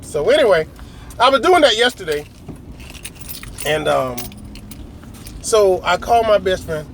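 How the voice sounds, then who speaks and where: A man's voice: high-pitched, very animated, measured pace, slight background noise. A middle-aged man telling a long, rambling story in a casual, slangy way, often acting out other people's lines. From United States. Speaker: vlogger.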